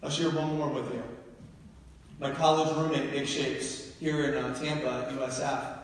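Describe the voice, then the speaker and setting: A man's voice: medium pitch, level tone, normal speed, slight background noise. Man giving a keynote in an echoey hall. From New Jersey. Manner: emphatic storytelling, building to urgent peaks. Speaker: keynote speaker. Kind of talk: motivational keynote speech. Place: large university hall with live audience. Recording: echoey hall, heard from far off.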